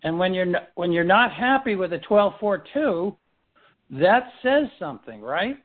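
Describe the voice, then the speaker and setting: Over a tinny phone line, a man with a high, sing-song voice leads a business team meeting at a measured pace. He is a firm leader, coaching his team with rhetorical questions and restarting his sentences often.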